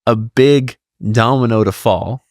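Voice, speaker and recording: A man's voice: medium pitch, takes it slowly, no room sound. A man co-hosting a podcast, talking earnestly and reflectively about personal growth, close to the mic. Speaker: podcast co-host. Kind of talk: casual podcast talk.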